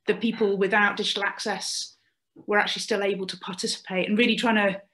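A woman's voice: mid-range voice, flat delivery, fast, a bit bright, low-quality recording. A woman reporting back for her group in a webinar, speaking casually on a video call with many fillers and restarts.

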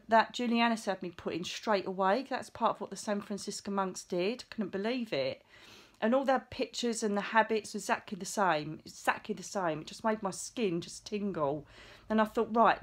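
A middle-aged woman tells a personal story in casual monologue. She is excitable and chatty, swears now and then, and acts out the lines she quotes. Her voice sits at an ordinary middle pitch. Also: normal speed. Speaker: psychic medium vlogger.

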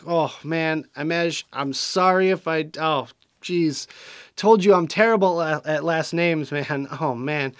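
A man's voice: fairly high pitch, a little slow, fairly bright tone, no echo, clean studio sound. A man hosting a vlog, reading viewer messages aloud and answering them in an earnest, rambling way, full of fillers and restarts. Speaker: vlog host reading viewer shout-outs. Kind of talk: casual vlog chat.

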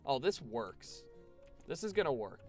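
Animated young male streamer. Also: mid-range voice, measured pace, soft background music. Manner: animated, chatty, swears freely. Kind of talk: casual gameplay commentary to a live chat.

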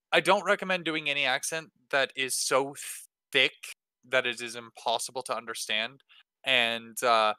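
A man's voice: mid-range voice, bright, forceful tone, smooth, no room sound. A man hosting a tabletop game workshop, answering questions casually with many hesitations and restarts. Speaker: dungeon master hosting a workshop. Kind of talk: casual Q&A talk.

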